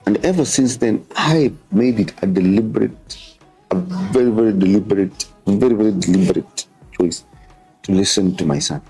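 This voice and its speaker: A deep, husky-voiced Kenyan man in his thirties talks earnestly as a show host, weaving Swahili into his English. He leans on repetition to press his points. Faint music plays behind him. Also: moderate pace, dark tone, rough recording. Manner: switches between English and Swahili; earnest, repeats words for emphasis. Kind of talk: casual reflective talk.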